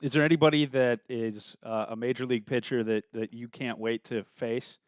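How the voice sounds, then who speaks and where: A man's voice: medium pitch, fairly even intonation, moderate pace, clean tone, no room sound, studio quality. A man hosting a casual interview, friendly and joking, with hesitant restarts. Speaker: host.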